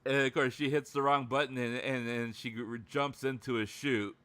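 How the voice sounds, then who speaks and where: A man chatting casually on a livestream, halting and laughing often. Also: medium pitch, steady tone, a bit bright, clean tone. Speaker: streamer.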